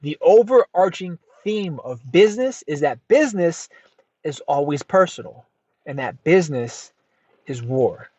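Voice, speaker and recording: American male podcast host, slightly high voice, reads a business book aloud with asides; dry, dull, lo-fi sound. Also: animated, darkish tone, slightly rough, no echo. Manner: deliberate reading, says "quote" aloud before quotations. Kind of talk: reading a nonfiction book aloud with commentary.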